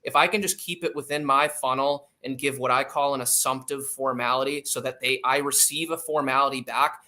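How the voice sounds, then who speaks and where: A man's voice: mid-range voice, fairly even intonation, brisk, sharp tone. A man who trains salespeople, explaining his approach in an interview and acting out phone lines with emphasis.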